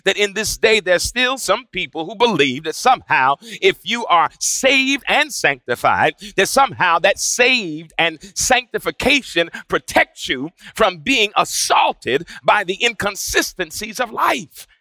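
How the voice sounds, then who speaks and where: A man preaching a sermon with dramatic swings between shouting and hushed, quiet passages. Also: high-pitched, big pitch swings, unhurried, hardly any pauses, no room sound, rough recording.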